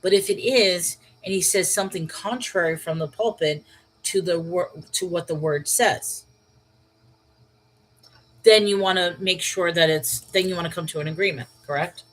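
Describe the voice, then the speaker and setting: A woman's voice: on the low side, normal speed, rough recording. Woman hosting a casual Bible chat stream. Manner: conversational, thinking aloud with fillers and restarts. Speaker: livestream host reading chat. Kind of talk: casual live chat about Bible study.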